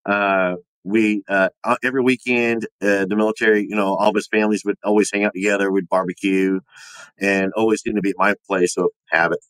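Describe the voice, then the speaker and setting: Male guest, low-pitched, rambling and animated, voices the people in his stories, dry recording. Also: brisk, smooth, no echo, rough recording. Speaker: podcast guest, former Army Ranger. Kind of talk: casual storytelling of personal ghost stories.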